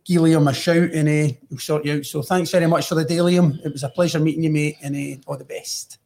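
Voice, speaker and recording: High-voiced Scottish podcast co-host. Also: male voice, fairly even intonation, fairly quick, vocal fry, a little mellow. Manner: chatty, jokey, dialect words. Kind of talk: casual chat.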